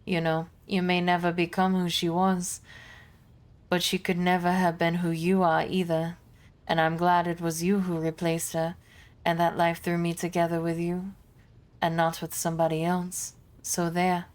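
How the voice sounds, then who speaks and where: A woman's voice: lowish voice, completely flat delivery, moderate pace, close to an everyday voice. A woman voicing a weary, sentimental female psychic companion in a put-on accent, reading with a wistful manner.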